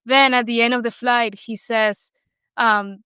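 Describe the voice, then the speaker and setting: A young woman from Argentina speaks English with a Spanish accent, her voice smooth and clear. She tells her story in an animated way, full of fillers and restarts. The sound is dry and close. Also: a little high, a little slow, no echo. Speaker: guest. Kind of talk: conversational interview.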